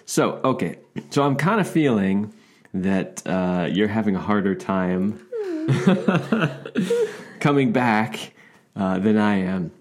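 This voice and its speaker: A man co-hosting a relationship podcast, telling a personal story in a casual, animated way and laughing often. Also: fairly low pitch, slow, pauses often. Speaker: podcast co-host.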